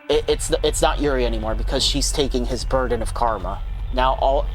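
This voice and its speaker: A man's voice: medium pitch, normal speed, few pauses, a bit bright. Man casually commenting on a game. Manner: explains mechanics casually with restarts. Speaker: let's play host. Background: game music.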